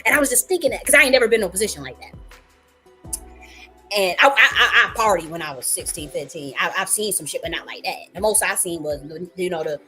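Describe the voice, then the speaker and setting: A woman, ranting profanely on a live stream and swinging from low muttering to sudden shouting. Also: animated, fast, soft background music. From United States. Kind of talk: heated ranting monologue.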